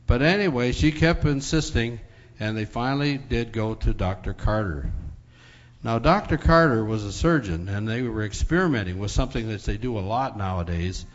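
A man preaching, telling a story in a folksy way with filler pauses, recorded dull in a large hall. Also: fairly low pitch. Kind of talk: sermon storytelling.

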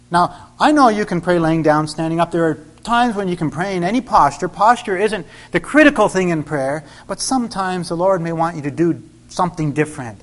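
Middle-aged male preacher, higher pitch, animated testimony with acted-out dialogue. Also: normal speed. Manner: animated storyteller, acts out dialogue with sudden loud bursts. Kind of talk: sermon storytelling.

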